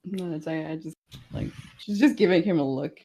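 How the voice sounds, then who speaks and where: A woman playing a tabletop game, chatting casually in a giggly, soft-spoken way. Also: on the low side, a little fast, background noise. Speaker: player.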